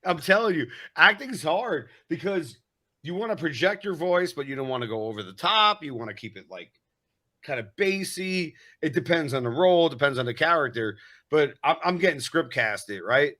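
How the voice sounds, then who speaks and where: Male host, East Coast American accent, lively storyteller, bright and fairly high voice. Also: moderate pace. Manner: animated storyteller who acts out voices. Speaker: podcast host. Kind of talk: casual chat.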